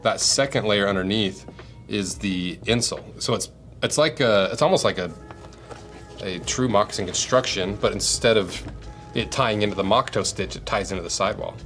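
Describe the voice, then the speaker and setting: A man's voice: on the low side, moderate pace, fairly bright tone, soft background music. An American man reviewing boots in a casual unboxing, thinking aloud and asking himself questions as he goes. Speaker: boot reviewer.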